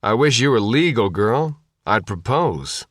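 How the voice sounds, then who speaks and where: A man's voice: medium pitch, sing-song, unhurried, a bit bright, no echo, clean studio sound. A man voicing a joking former soldier in an audiobook. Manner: wisecracking.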